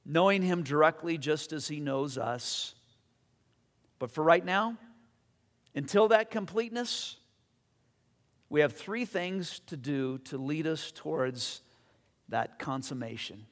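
A pastor with a fairly high voice preaches a sermon slowly, pausing often, telling stories in an earnest, conversational way with fillers before leading a closing prayer. The sound has a long reverb tail.

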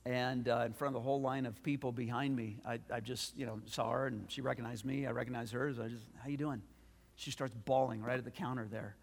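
A man pastor preaching a sermon, telling a story with animated delivery and frequent restarts. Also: medium pitch, fast, gravelly, long reverb tail.

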